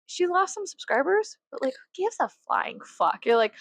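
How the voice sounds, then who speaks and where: A woman ranting casually to camera, swearing freely, giggling often and rambling from thought to thought. Her fairly high voice swings widely in pitch, and the recording is dry and close with no room echo. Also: very animated, normal speed, hardly any pauses. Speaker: vlogger. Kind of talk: casual vlog rant.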